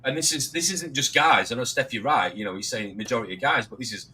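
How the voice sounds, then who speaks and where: A man's voice: mid-range voice, fast, sharp tone, slight background noise, low-quality recording. A British man hosting a casual online panel chat, talking loosely and choosing his words with care. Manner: chatty, careful with his words. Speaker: livestream host.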